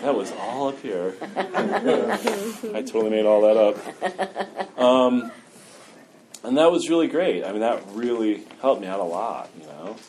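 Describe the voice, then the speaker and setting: A man's voice: medium pitch, big pitch swings, takes it slowly, pauses often, darkish tone. A man with a mid-range voice tells a story from his own life, loose and chatty, leaning on filler words. His humor pokes fun at himself, and the sound carries a faint hiss behind it. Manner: loose and conversational, self-mocking humor, many "like" fillers. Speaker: person sharing his recovery story. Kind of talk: candid personal storytelling.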